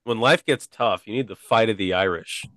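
Young man, low-pitched, laid-back podcast chat, dry close mic. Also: normal speed, a bit bright, dry recording. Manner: laid-back, says "like" and "dude" often. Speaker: podcast co-host. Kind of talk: casual chat.

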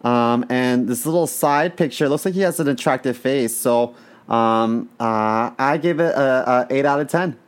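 A man's voice: mid-range voice, moderate pace, clean tone. A man co-hosting a comedy podcast, chatting casually in a playful, self-mocking way. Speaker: podcast co-host.

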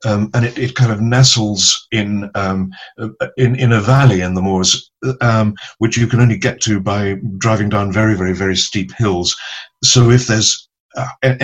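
Male actor guest, low husky voice, hesitant and wry anecdotal style. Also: muffled recording. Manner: hesitant, many ums, wry storytelling. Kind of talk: anecdotal interview answers.

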